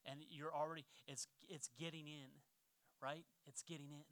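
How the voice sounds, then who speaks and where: A man in his forties from northwestern Pennsylvania, preaching a sermon with stories from his childhood, lively in the stories and quiet in the reflection. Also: fairly high pitch, fairly quick. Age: 40s. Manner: storytelling, animated when acting out childhood scenes, then quiet and reflective. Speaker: pastor.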